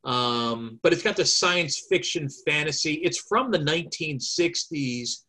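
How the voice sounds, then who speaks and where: A man's voice: on the high side, lively intonation, unhurried, pushed and bright. A man chatting on a podcast over a video call, talkative and thinking aloud with many fillers. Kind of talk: casual chat.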